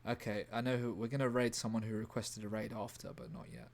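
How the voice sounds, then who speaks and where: Guy livestreaming, rambly and deadpan, keeps cutting himself off to answer chat. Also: fairly low pitch, fast talker. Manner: rambling, deadpan, self-interrupting.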